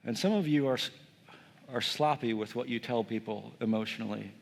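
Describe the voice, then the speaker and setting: A man preaching a sermon, telling a personal story with lively, self-mocking humor and talking straight to the congregation. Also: mid-range voice, normal speed, gravelly. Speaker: pastor. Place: church sanctuary. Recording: long church reverb.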